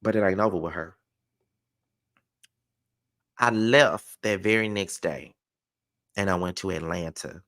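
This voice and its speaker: Profane, animated storytelling man. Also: low voice, unhurried, pauses often. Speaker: vlogger. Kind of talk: casual storytime monologue.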